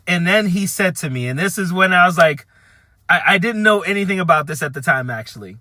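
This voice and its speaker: A middle-aged man casually telling a personal story to his viewers in a wry, animated way. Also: high-pitched, fairly quick, no room sound. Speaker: political commentator.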